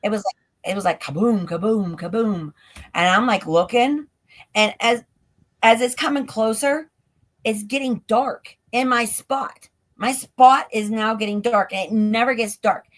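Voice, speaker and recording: Her voice fairly high and unhurried, a woman appearing as a live stream guest tells a story during an interview. It pours out breathless and run-on, crammed with "like", over a stream call mic.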